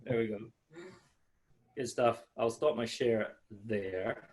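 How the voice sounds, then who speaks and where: Speaking slowly in a low, somewhat mellow voice, a man presents a webinar on a video call. He's a malt sales manager, and his delivery is friendly and chatty, full of fillers and restarts.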